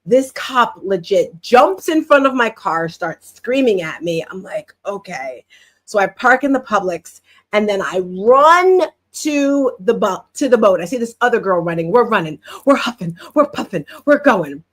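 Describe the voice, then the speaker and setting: A middle-aged woman from New Jersey hosting a podcast, telling a story in a lively, animated way and acting out what others said. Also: mid-range voice, moderate pace. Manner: lively, animated retelling with quoted voices. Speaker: podcast host. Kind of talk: casual storytelling to listeners.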